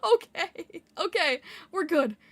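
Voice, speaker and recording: A woman streaming live, chatting casually with her chat, giggling often, her voice squeaking when she laughs or yells. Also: lively intonation, slow pace.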